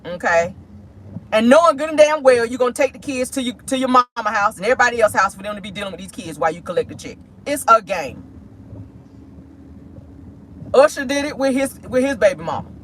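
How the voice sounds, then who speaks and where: Sassy, animated woman gossiping from a car. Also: on the high side, a little hiss or hum. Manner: sassy, animated, slangy, laughing asides. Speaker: host. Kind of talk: casual celebrity gossip commentary. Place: in a vehicle.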